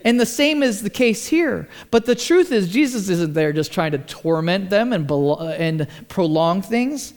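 A male pastor preaching a sermon in a conversational, animated way, briefly acting out the voices he quotes. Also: high voice, unhurried, few pauses.

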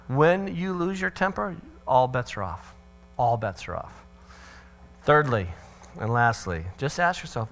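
Joking pastor giving a parenting talk. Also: male voice, a little high, fairly bright tone. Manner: conversational and joking; often acts out quotes in changed voices. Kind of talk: church parenting seminar talk.

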